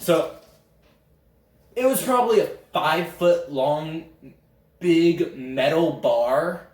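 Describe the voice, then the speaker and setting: A young man, telling a rambling, excitable story as a casual vlogger. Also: a little high, slow. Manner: excitable, rambling, animated retelling. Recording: echoey room.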